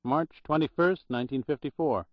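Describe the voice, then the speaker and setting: A man's voice: on the high side, normal speed, dry recording, voice pushed up, natural voice. A man voicing a slangy, jaunty young records clerk in an audiobook, on a dull, dry recording. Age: young adult.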